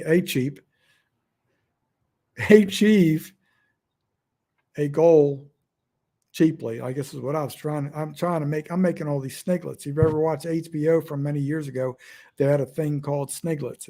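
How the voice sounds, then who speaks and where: A middle-aged outdoors vlogger from Delaware, USA, with a Northern US accent, rambles casually and self-deprecatingly into his phone's front camera indoors at home. His voice is fairly high and steady, brisk and warm, and his talk meanders with frequent restarts.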